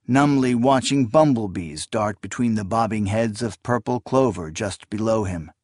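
A man narrating a fantasy novel in a steady, measured storytelling voice. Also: medium pitch, dry recording, clean studio sound. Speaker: audiobook narrator.

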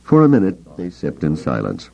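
A man reading an audiobook as its narrator in measured, scripted storytelling. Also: sits low, huge pitch swings, gravelly, lo-fi sound.

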